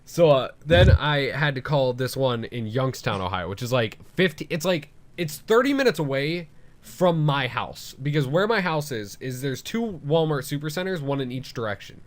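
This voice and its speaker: A man of about twenty telling a long story on a casual podcast, animated and profane, with lots of fillers like "like" and "um". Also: medium pitch, moderate pace. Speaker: podcast host.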